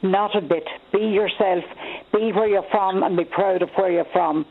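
A woman's voice: medium pitch, fairly even intonation, moderate pace, crowd noise. Casting: older woman caller with a Monaghan accent, gushing, talks over people, muffled line. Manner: warm, effusive, talks over the host.

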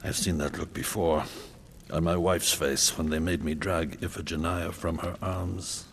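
A man's voice: low voice, flat delivery, measured pace, gravelly, a little hiss or hum. An actor playing a brutal, lecherous warrior king, talking in a crude, leering, menacing way. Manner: crude, leering, menacing first-person monologue. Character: brutal, lecherous, swaggering warrior king, middle-aged man.

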